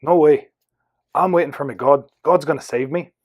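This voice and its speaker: A man's voice: on the high side, moderate pace, a little mellow, close to an everyday voice. A man voicing a devout, stubborn man pleading for rescue, in an attempted Irish accent. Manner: pleading, insistent.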